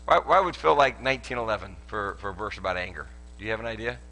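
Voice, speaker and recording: A man preaching a sermon at a church service, animated and joking as he tells stories. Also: lowish voice, fast, creaky. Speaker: pastor.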